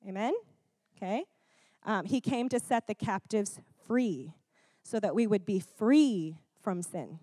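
A woman preacher delivers an animated sermon in a fairly high voice. She keeps checking in with her listeners and laughs between points. The sound is close and dry. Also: no echo. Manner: animated, laughing asides, frequent "Amen? Okay?" check-ins.

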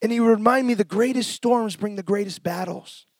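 With a high-sitting voice on a dry recording, a middle-aged man shares his testimony in a sermon, full of passion and sudden shouts. He then shifts to reading scripture in a slow, soft manner.

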